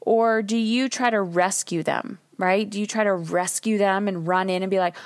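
A woman's voice: medium pitch, steady tone, moderate pace, few pauses, dry recording, clean studio sound. A woman hosting a solo podcast from her car. She talks candidly and emphatically, swears casually and acts out little scenes. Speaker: podcast host.

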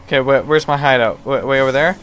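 A man's voice: mid-range voice, fast talker, a bit bright, a little hiss or hum. A young man giving jokey, self-mocking let's play commentary, laughing often. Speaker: gameplay commentator.

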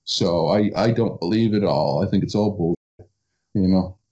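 A man with a deep, dark voice talks in a casual interview, doubtful and halting, tripping over repeated words. The recording is dull and lo-fi.

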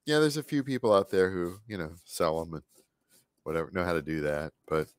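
Guy with a deep scratchy voice rambling while he paints live, mutters to himself, dry close sound. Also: sing-song, fairly quick, no room sound. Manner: muttering to himself, trailing off and restarting. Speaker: artist hosting a live painting stream.

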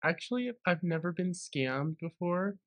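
A man's voice: high voice, animated, a little slow, fairly bright tone. A young man co-hosts a casual podcast, dropping blunt, joking asides. The recording is dry and close, with no room echo. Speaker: podcast co-host. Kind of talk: casual chat.

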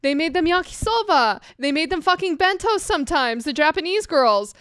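A woman's voice: high voice, animated, normal speed, fairly bright tone, no echo, studio quality. A woman co-hosting a podcast, chatting casually with wry, profane humor. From Silicon Valley, California. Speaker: podcast co-host. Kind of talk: casual chat.

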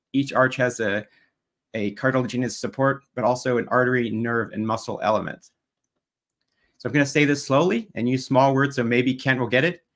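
A man's voice: medium pitch, fairly bright tone. A man giving a debate opening statement over slides, methodical and pointed, at times mocking his opponent.

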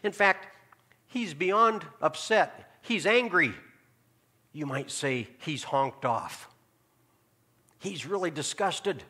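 A man preaching a sermon as pastor, asking the congregation questions and dropping to a hushed tone to make a point. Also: a little high, animated, slow pace, long pauses, husky. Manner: preaching with rhetorical questions and sudden drops to a hushed tone. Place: church sanctuary.

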